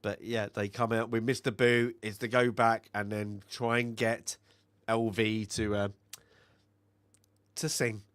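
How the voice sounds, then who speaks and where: A man's voice: fairly low pitch, level tone, fairly bright tone, clear, resonant tone, no room sound. Rambling man, dry close sound. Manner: rambling recap full of fillers and quick voice impressions. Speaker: film review podcast co-host. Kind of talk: casual chat.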